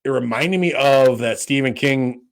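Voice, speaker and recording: Rambling casual man, mid-pitched. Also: moderate pace. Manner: rambling, lots of fillers and restarts; swears freely. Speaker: podcast co-host. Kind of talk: casual chat.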